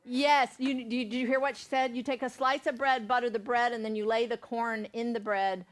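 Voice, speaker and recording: Southern woman, middle-aged, slightly high voice, folksy cooking demo chatter. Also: steady tone, fairly quick. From Savannah, Georgia, USA. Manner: chatty, folksy, checks in with "okay?". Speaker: cooking class instructor. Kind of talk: live cooking demonstration.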